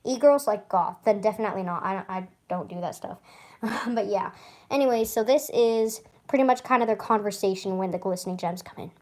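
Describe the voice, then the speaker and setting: A woman's voice: medium pitch, a little fast, a little mellow. A woman vlogger chatting casually to camera, rambling and often stuttering and restarting. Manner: chatty, rambling, with frequent laughs.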